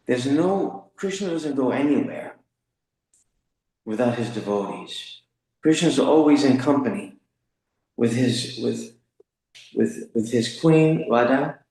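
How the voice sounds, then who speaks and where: A man speaks slowly and haltingly, searching for words with many fillers and restarts as emotion creeps into his voice. His tone has a gravelly edge. The sound is heavily echoey, as if in a bare, roomy space. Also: medium pitch, a little mellow. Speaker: congregant sharing a reflection. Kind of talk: halting spoken reflection.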